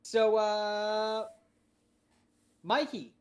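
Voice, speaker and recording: Woman game master, chatty, filler-heavy, mid-pitched voice. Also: steady tone, very slow. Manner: loose and chatty, many fillers. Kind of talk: narrating a tabletop game.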